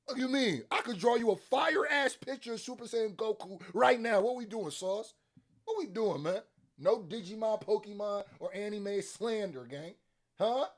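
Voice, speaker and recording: A young man hosting a reaction video, excitable and animated, laughing and swearing as he scores a rap song's lines with points and deductions. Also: high voice, moderate pace. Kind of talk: casual commentary reacting to a rap song.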